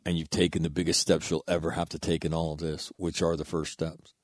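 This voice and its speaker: A man with a very low voice tells a heartfelt story in casual, blunt words and swears freely. He speaks earnestly, as in a spoken monologue. The sound is dry and close, with no room echo. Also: flat delivery, fairly quick.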